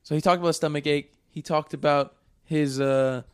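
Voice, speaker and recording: A man's voice: on the high side, fairly even intonation, moderate pace, clean tone, no echo, clean studio sound. A man in casual chat with friends, rambling with many "like" fillers.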